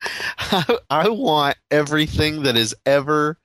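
A man trades teasing jokes in casual chat and laughs easily. His voice sits a little high. It sounds dry and close. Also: animated, slow, a bit bright, no room sound.

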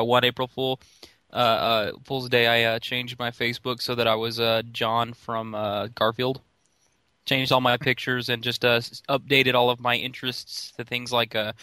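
A man's voice: mid-range voice, sharp tone, clean tone, no room sound. A man telling casual stories on a podcast, rambling with fillers and restarts. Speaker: phone support worker.

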